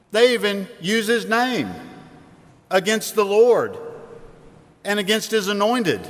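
A man delivers a sermon in a conversational, questioning manner, his voice a little higher than most. His words ring out with a long reverb, as though spoken in a large hall. He talks with listeners rather than at them. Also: fairly bright tone. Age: adult with children. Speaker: preacher.

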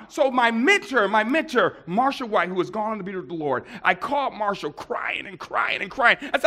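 Middle-aged preacher guy from buffalo, bright high voice, tells a story loud then hushed. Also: expressive, normal speed, few pauses. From Buffalo, New York. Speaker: pastor. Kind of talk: sermon with personal story.

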